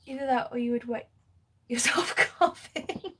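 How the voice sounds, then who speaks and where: A woman's voice: fairly high pitch, animated, moderate pace, a bit bright, slightly rough. Chatty woman crafting live. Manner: chatty, laughs often, reads out viewer comments. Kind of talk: casual chat while crafting.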